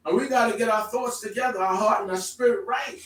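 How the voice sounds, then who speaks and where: Guy giving a sermon, pretty high voice, heard from across an echoey room, gets loud and emphatic. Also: fast, recorded from a distance. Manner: emphatic, swings between calm explaining and loud exclamations. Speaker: preacher. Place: congregation hall.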